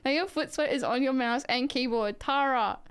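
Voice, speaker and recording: An Australian woman on a live stream talks in a loose, rambling way. She reacts to her chat and swears without a second thought. Her voice is smooth and clear and sits a little high. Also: moderate pace.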